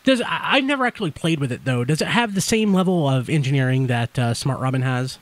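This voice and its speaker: A man hosts a podcast in loose, casual chat, his words tumbling out fast and running together. His pitch jumps around a lot as he talks, and he sounds wide awake and buzzing with energy. The sound is dry and close, with no room around it. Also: expressive, no echo. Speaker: podcast host.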